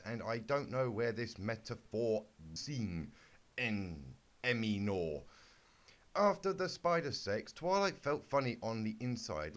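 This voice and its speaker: Slow, stumbling young man reading deadpan. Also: medium pitch. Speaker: YouTuber reading fanfic aloud. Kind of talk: mock-serious comedic reading.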